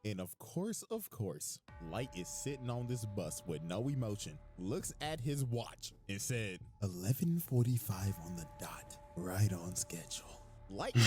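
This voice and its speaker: A man narrating a crude, joking comedy recap in an animated way. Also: medium pitch. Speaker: commentary narrator. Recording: narrated video with background music.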